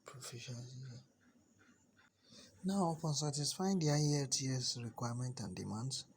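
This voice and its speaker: Guiding viewers through a scholarship-related university application on screen, this Nigerian man speaks at medium pitch in an animated way and at a moderate pace. He keeps repeating important words and restarting sentences, and a faint hiss or hum runs underneath.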